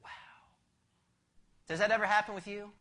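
A man delivers a sermon in a bright, cutting voice. He explains the text verse by verse and keeps asking his listeners questions. His volume swings from forceful emphasis down to a hushed near-whisper. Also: sits high, level tone, moderate pace. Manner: asks the listeners rhetorical questions. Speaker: preacher. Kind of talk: expository sermon.

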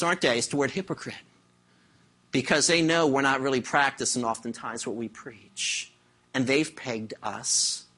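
A man's voice: sits high, pushed and bright, slightly rough. A man preaching a sermon as pastor, asking the congregation rhetorical questions.

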